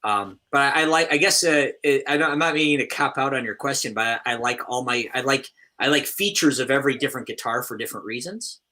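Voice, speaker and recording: A man talks casually on a band's live stream, circling around his answer with restarts and "um"s. His voice is bright and forward, at an ordinary pitch. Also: fast talker, few pauses. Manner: rambling, self-correcting, many fillers. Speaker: band member on a live stream. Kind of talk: casual chat.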